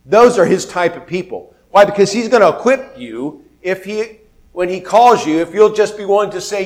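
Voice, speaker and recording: A male pastor preaching a sermon in a conversational, animated way, acting out biblical figures and asking the congregation questions. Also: high-pitched, normal speed. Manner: conversational, asks the audience questions.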